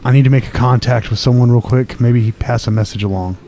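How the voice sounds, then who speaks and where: A man's voice: medium pitch, steady tone, fast, warm tone, slight background noise. A man playing a tabletop role-playing game, plain and matter-of-fact. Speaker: player.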